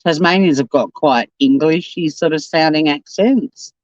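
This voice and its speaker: A woman's voice: deep voice, normal speed, a little mellow, dry recording, dull audio. An Australian woman with a South Australian accent hosting a casual livestream, rambling bluntly and swearing as she reads out comments. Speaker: YouTube livestream host.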